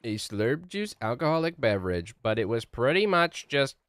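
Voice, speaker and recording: A man's voice: medium pitch, sing-song, moderate pace, a bit bright, no echo, studio quality. A young man live-streaming a game, chatting loosely with his chat, rambling and swearing casually. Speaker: gaming streamer.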